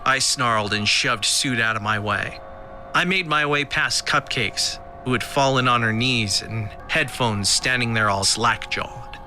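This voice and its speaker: Male audio drama narrator, crisp bright tone, dry delivery, faint music underneath. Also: medium pitch, a little slow. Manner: dry, first-person storytelling.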